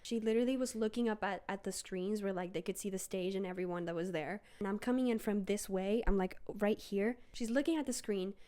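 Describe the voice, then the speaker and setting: A young woman tells a personal story in a casual vlog, talking fairly quickly with few pauses in a warm voice. She's chatty, peppering her speech with "like" and "bro" and jumping into high voices whenever she quotes someone.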